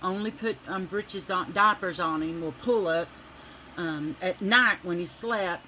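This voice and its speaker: A woman's voice: fairly low pitch, a little slow, pushed and bright, slight background noise, rough recording. A woman telling rambling stories while doing her makeup at home. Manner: chatty, rambling, with many fillers. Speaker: makeup vlogger.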